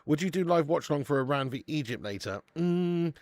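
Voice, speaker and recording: A man hosting a casual live football watch-along stream, chatty and excitable, often laughing and loudly greeting viewers. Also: on the high side, fairly quick, no echo, clean studio sound.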